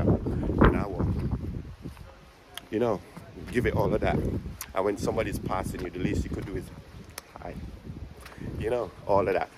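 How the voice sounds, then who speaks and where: A man's voice: deep voice, noisy background. A man with a Birmingham accent, chatting and joking to camera while walking outdoors, out of breath and repeating his phrases. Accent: Birmingham English. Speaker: vlogger. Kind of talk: walking vlog, casual chat to camera. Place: outdoors on city streets.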